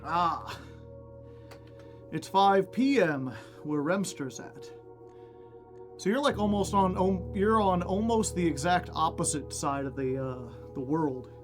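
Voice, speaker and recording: A man's voice: fairly high pitch, takes it slowly, music in the background. A young man streaming a game, out of breath after exercise, chatting casually and greeting viewers by name. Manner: chatty, reading out chat names.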